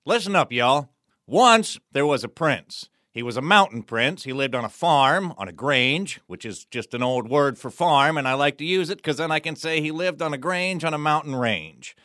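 A man spins a folk tale, folksy and playful, dropping wry asides. His voice is bright and sharp, a touch high, and sits close and dry on the mic. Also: lively intonation, moderate pace, dry recording. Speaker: storyteller. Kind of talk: performed folk tale narration.

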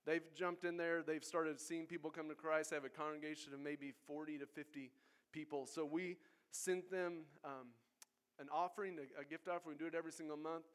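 A man's voice: a little high, fairly even intonation, brisk, clear, resonant tone. A man preaching a sermon as pastor, earnest and exhorting his congregation. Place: church sanctuary.

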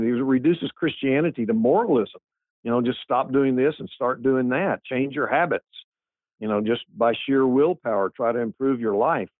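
A man's voice: medium pitch, dry recording. A man speaks as a pastor in an interview, earnest and emphatic, often restarting his sentences. His voice comes through a thin, phone-like line. The sound is very dry, with no room to it. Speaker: pastor and author. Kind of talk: interview answers.

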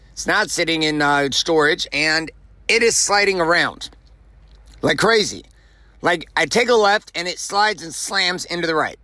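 Blunt, bright-voiced man ranting from his car. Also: on the high side, dry recording. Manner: blunt, emphatic, swears freely, repeats phrases for punch. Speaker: podcast host. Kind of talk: profane motivational monologue. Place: in his car while driving. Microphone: recorded while driving.

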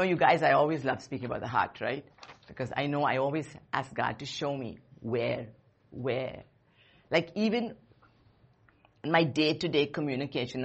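A woman's voice: extremely low pitch, breathy edge. A woman in her fifties preaching to a young church group in an earnest, conversational way, repeating her key phrases for emphasis. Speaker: church speaker. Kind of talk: sermon to a young congregation.

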